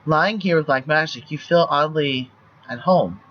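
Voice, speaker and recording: A man's voice: on the high side, a little slow, dull audio, a little hiss or hum. A man streaming a story game, reading the narration aloud and chatting casually, laughing often. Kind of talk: casual livestream chat and read-aloud narration.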